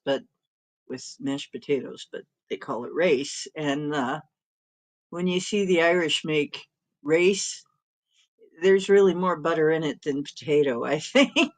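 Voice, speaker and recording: A middle-aged woman hosting a live stream in casual chat, rambling and chuckling often as she reads comments and talks to her cat. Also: low-pitched.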